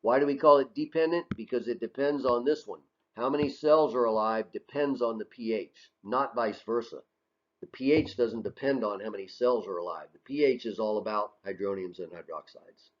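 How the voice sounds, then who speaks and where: A male teacher with a mid-range voice gives a recorded lecture over slides at a normal pace. He keeps it conversational, posing questions and answering them himself, and often tacks on "right?" The audio is dull and lo-fi.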